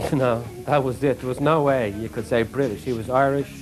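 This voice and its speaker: Guy explaining calmly, music playing underneath. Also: mid-range voice, moderate pace, poor audio. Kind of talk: interview.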